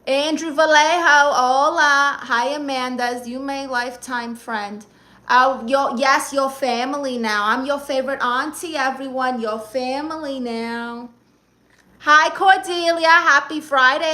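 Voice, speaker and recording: A livestream host, a man, puts on a heavily acted, extremely high voice with fairly even intonation and an unhurried pace. As a flirty, sassy middle-aged aunt speaking Spanish-accented English, he teases and dramatizes brassily and welcomes fans warmly.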